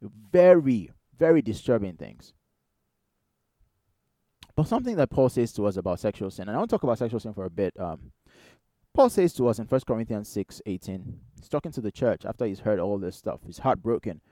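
A man preaching a sermon in a conversational, animated way, firing rhetorical questions at the congregation. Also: on the low side, a little fast, dry recording. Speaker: pastor.

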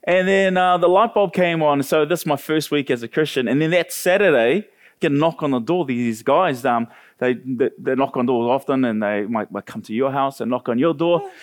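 A man hosting a church panel, telling a personal story in a lively way and acting out the other voices. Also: medium pitch, normal speed. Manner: animated, acts out quoted voices.

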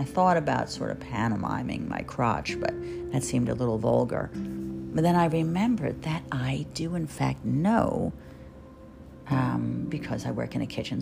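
Gravelly low-voiced woman podcast host. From New Jersey. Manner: candid, chatty, self-deprecating. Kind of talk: personal monologue. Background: guitar music.

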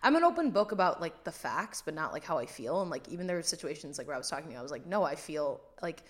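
A woman's voice: low-pitched, sing-song, fast talker. A young woman in her twenties co-hosting a podcast, talking candidly and rambling, with lots of "like" fillers and some swearing. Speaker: podcast co-host. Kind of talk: casual chat.

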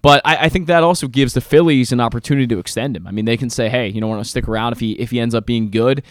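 Fast-talking male radio co-host. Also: medium pitch, dry recording, studio quality. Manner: quick, repeats words. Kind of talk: sports talk radio.

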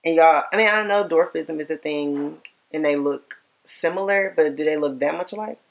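A young woman with a fairly low voice co-hosts a casual podcast chat. She is chatty and fills her talk with "like" and rhetorical questions. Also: moderate pace, creaky, lo-fi sound. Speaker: podcast co-host.

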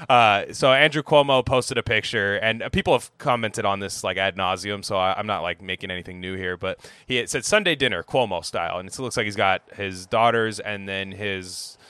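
Joking man with a bright, dry voice. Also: lowish voice, fairly even intonation, normal speed, few pauses, clear, resonant tone, no room sound. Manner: crude, joking, stammers and restarts often. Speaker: podcast co-host. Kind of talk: casual podcast banter.

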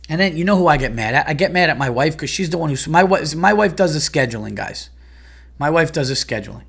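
A man's voice: on the high side, animated, fast, fairly bright tone, slightly rough. Heated, profane man ranting. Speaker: podcast host, stand-up comedian. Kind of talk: ranting monologue.

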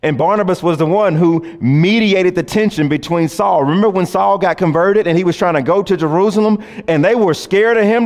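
A man preaching a sermon in a lively, folksy way, swinging between loud emphasis and hushed passages. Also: a little high, normal speed, hardly any pauses. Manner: folksy, says y'all. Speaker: pastor. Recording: long hall reverb.

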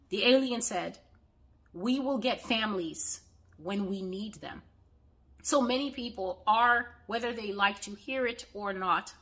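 A woman's voice: mid-range voice, sharp tone, low-quality recording. A woman preaching on her own channel, earnestly and emphatically, in a sermon-style religious teaching. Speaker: online preacher.

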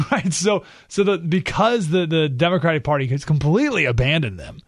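Animated male talk radio host. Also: a little high, moderate pace, no room sound, clean studio sound. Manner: animated, sarcastic, acts out quoted voices. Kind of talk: political talk radio monologue.

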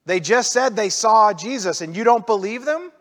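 A man giving a conversational sermon as a pastor, animated and acting out the voices of the people he quotes. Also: high voice, moderate pace, long reverb tail.

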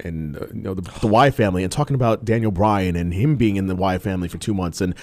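A man's voice: low voice, quick pace, few pauses, darkish tone. A man co-hosting a casual talk show, rambling with many restarts and fillers. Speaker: podcast co-host. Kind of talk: casual wrestling chat.

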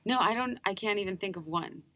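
A young New York woman with an American accent chats enthusiastically as a guest performer in a casual interview. Her mid-range voice has a sharp tone, and the recording is dry. She's talkative and eager, often restarting her sentences quickly.

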